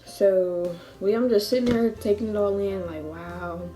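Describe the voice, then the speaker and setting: A woman's voice: mid-range voice, normal speed, soft background music. A woman in her early twenties telling a personal story in a casual vlog, acting out what others said and laughing often. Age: 20s. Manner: animated, acts out quotes with laughs. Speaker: vlogger.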